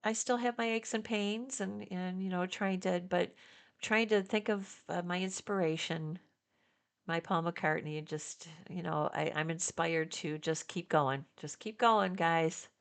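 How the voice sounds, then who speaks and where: Slow-talking chatty woman in her sixties. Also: lowish voice, steady tone, clean tone. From Detroit area. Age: 60s. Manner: chatty and rambling, with frequent fillers and laughs. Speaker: vlogger. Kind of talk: casual chat to camera.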